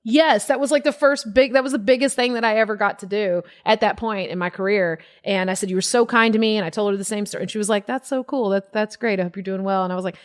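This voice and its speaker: A young adult woman comedian, telling a story in casual talk, animated, swearing and acting out the voices of people she quotes. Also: medium pitch, fast talker, few pauses. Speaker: guest comedian.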